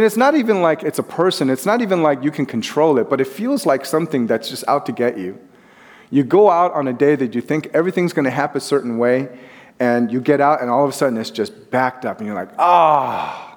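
A middle-aged man preaching a sermon in a conversational, animated way, acting out quotes as he goes. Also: mid-range voice. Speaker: pastor. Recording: long hall reverb.

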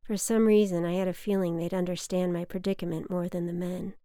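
A woman reading her personal story aloud in a measured, wry, reflective manner. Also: lowish voice, level tone, mellow, dry recording, studio quality. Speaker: memoir narrator.

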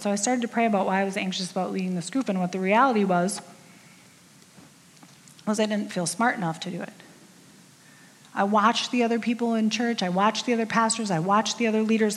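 A woman in her fifties gives a conversational sermon to a women's group, telling stories about herself with candid, self-deprecating humor. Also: medium pitch. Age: 50s. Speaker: women's ministry speaker. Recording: long reverb of a large hall.

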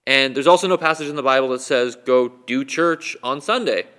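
A man's voice: medium pitch, moderate pace, sharp tone. A man preaching a sermon in a conversational way, asking his listeners a string of questions. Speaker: guest preacher. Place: church, recorded for online viewing.

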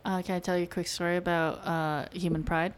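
A woman's voice: fairly low pitch, little pitch movement, fairly quick, clear, resonant tone. A woman co-hosting a casual chat, telling a story with laughs and casual swearing. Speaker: podcast co-host.

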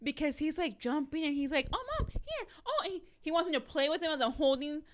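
A young adult woman co-hosting a casual podcast chat, telling animated stories and acting out what her family says. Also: sits high, fast. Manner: animated storyteller who acts out family quotes. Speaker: podcast co-host.

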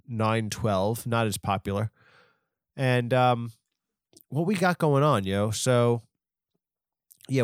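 A man's voice: mid-range voice, dry recording, studio quality. A man in his forties hosting a comedy podcast, rambling and self-mocking with lots of fillers and restarts. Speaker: podcast host.

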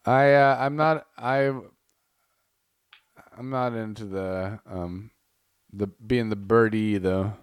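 A man's voice: lowish voice, steady tone, slow, long pauses, smooth, no room sound. A young adult man co-hosting a casual podcast, playful and laughing, with crude humor. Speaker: podcast co-host. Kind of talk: casual chat.

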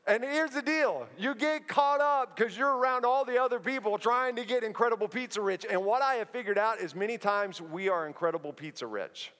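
A man in his thirties preaching a sermon as pastor, telling stories in a humorous, conversational way with quick asides. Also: very high voice, a bit bright. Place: church auditorium. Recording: long reverb of a large hall.

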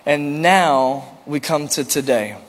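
A man's voice: a little high, takes it slowly, in a large hall. A man preaching a sermon as pastor, earnest and repetitive, asking rhetorical questions and slipping in light jokes.

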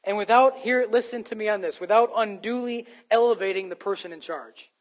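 A man delivers a sermon from the pulpit, emphatic and earnest, slipping in wry jokes at his own expense. His voice sits fairly high for a man. The sound rings with the long reverb of a church sanctuary. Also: brisk. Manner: emphatic preaching with self-deprecating jokes. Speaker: pastor.

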